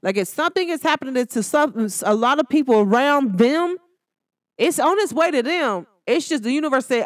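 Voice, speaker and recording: A young woman hosts her own podcast in loose, sassy chat. Her voice sits high and keeps jumping into excited exclamations. The sound is close and dry, with no room around it. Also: moderate pace, no room sound. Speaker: podcast host. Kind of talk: casual solo podcast talk.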